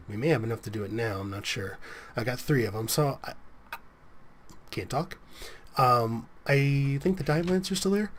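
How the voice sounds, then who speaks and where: A man giving casual, rambling gameplay commentary as a let's play host, a bit sniffly with a cold coming on. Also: medium pitch. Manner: rambling, self-correcting, chatty.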